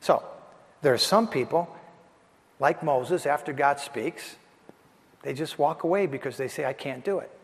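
A male pastor with a fairly high voice preaches a sermon, retelling scripture in a conversational, emphatic way. His voice rings with a long reverb in a church sanctuary. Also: measured pace, pauses often.

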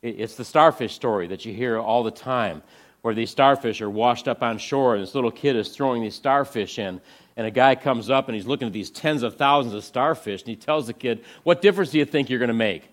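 A man giving an inspirational talk to a church audience, storytelling earnestly and swinging from hushed lines to excited ones. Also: mid-range voice, fairly quick. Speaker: ministry speaker presenting to a church audience.

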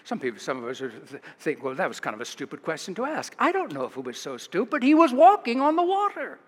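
Animated American pastor preaching in a reverberant church. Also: male voice, fast talker. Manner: animated, chuckling storyteller, rises in pitch for dramatic moments. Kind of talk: sermon. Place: church sanctuary.

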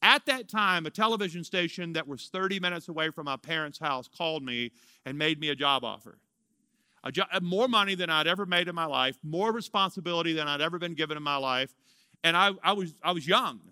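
A man, a pastor telling a personal story in a sermon, animated and swinging between excitement and hushed softness. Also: on the high side, brisk, smooth, no echo. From Louisiana, US.

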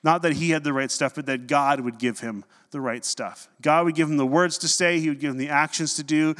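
A man preaching a sermon as pastor in a conversational, animated way, with humorous asides. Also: on the high side, fairly quick, in a large hall.

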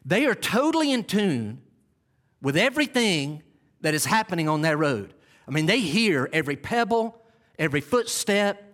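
Lively, high-voiced preacher man. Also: moderate pace. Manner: animated, dramatic storytelling preaching. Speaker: pastor. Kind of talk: sermon.

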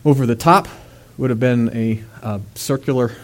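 Animated male preacher telling a story. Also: medium pitch, moderate pace. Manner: animated, rising to raised emphatic delivery; conversational asides with fillers and laughs. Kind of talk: sermon.

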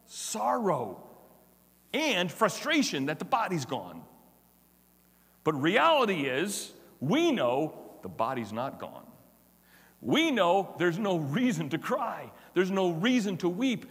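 A male pastor preaches with a high, bright voice that leaps all over its range. He slows for dramatic pauses and acts out the people in the story. His voice rings out through a reverberant church hall. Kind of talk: expository Easter sermon.

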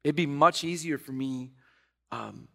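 Man, pastor, high voice, sermon delivery, soft then loud, animated preaching. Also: unhurried, creaky.

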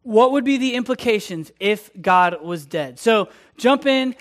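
Male youth group leader, high voice, upbeat, playful emcee. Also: animated, measured pace. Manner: upbeat, playful, addresses the room directly. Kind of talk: leading a youth group session.

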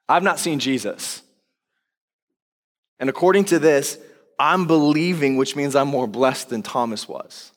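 A man preaching as a pastor, telling the story in a conversational, animated way and acting out quoted lines. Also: on the high side, unhurried, pauses often. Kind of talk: sermon. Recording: long reverb of a large hall.

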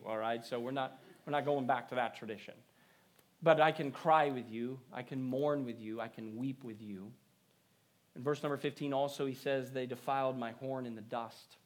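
A male pastor preaching a sermon on Scripture, earnest and rising to emphasis, then dropping to quiet prayerful lines. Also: medium pitch.

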